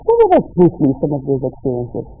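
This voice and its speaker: A man with a fairly high voice asks his radio guest a long, careful question. He stays distant from the mic. The sound is tinny and narrow, like a phone line. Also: huge pitch swings, quick pace. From Nigeria. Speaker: radio interviewer. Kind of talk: interview questions.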